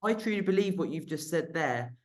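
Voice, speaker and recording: A woman's voice: sits low, lively intonation, fairly quick, a little mellow. A woman hosting a podcast, chatting casually with her guest, agreeing often and now and then swearing. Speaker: podcast host. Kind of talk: interview chat.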